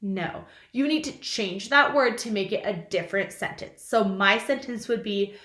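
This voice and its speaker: A young woman teacher leading a remote lesson for small children, modeling sentences slowly and playfully. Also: mid-range voice, fairly bright tone. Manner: slow, exaggerated sentence modeling with playful silly voices. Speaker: kindergarten teacher. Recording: echoey room.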